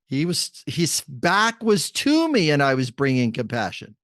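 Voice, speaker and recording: A man's voice: on the high side, measured pace, no echo, clean studio sound. A middle-aged man, an author and mediator, telling stories as a podcast guest and acting out the dialogue. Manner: animated storyteller acting out dialogue. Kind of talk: storytelling in a podcast interview.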